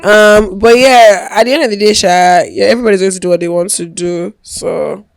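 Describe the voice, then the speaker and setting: A young Nigerian woman co-hosting a podcast, laid-back and playfully exasperated. Her pitch is middling for a woman. The recording is dry and close. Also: normal speed, creaky, no echo. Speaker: podcast co-host and media presenter. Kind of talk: casual chat.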